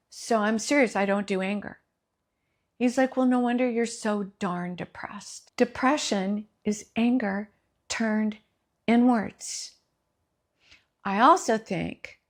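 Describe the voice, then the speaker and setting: Slow-talking, earnest woman podcast host. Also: fairly high pitch. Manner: earnest, storytelling, quotes others in acted voices. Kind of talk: personal reflective talk.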